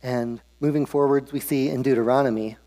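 A man's voice: medium pitch, fairly even intonation, fairly quick, warm tone. A man preaching in a casual, humorous storytelling way, with frequent restarts, in a hall with a long echo. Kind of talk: casual Bible storytelling sermon.

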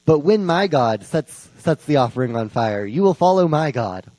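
A man's voice: fairly high pitch, animated, normal speed, a little mellow, no echo, close to an everyday voice, rough recording. A man voicing a blunt, confrontational male prophet in his own voice, with plain modern phrasing and stumbling restarts. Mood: challenging.

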